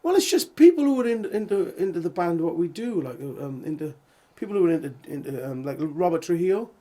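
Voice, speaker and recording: A middle-aged man in a band, telling stories in a lively, laughing way during a casual interview. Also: on the high side, a little fast, soft background music. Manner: animated, laughing storyteller. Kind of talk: casual storytelling chat.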